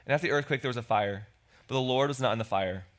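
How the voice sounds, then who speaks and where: A man's voice: medium pitch, fast talker. A man preaching a sermon as pastor, in a conversational way, acting out quoted lines. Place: church.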